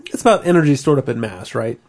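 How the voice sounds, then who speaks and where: A man's voice: mid-range voice, animated, fast talker, a little mellow. A man co-hosting a podcast, chatting casually and rambling, laughing often, a bit tipsy from beer. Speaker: podcast co-host. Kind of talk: casual chat.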